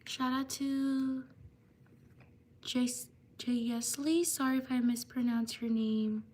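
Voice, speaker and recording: Woman streamer, high pitch, reads names slowly and haltingly; recorded slightly off-mic, faint hiss. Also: flat delivery, darkish tone, recorded from a distance. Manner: slow, halting over names, apologetic. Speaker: live streamer. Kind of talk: reading out viewer shout-outs on a live stream.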